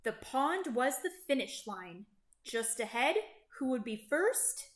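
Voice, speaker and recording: A woman reading a children's picture book aloud in an animated, sing-song way. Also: on the high side, a little slow. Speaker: storybook reader. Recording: roomy echo.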